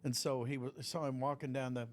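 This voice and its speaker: A man telling a story on a convention panel, with halting restarts, acting out what others said. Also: mid-range voice, level tone. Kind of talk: anecdote told on a panel.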